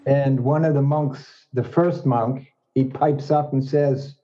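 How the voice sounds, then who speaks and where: A man telling a string of jokes in an unhurried, drawn-out storytelling manner. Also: mid-range voice, steady tone, dark tone. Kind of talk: joke telling. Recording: dull lo-fi audio.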